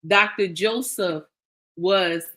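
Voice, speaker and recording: A woman telling an emotional personal story to her viewers, animated and emphatic, repeating her lines and calling out to her listeners. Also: mid-range voice, slow pace.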